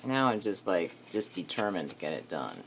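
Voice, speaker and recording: A woman's voice: a bass voice, big pitch swings, normal speed. A woman from North Carolina with a Texan accent, chatting casually while she crafts and mutters to herself. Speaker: craft vlogger.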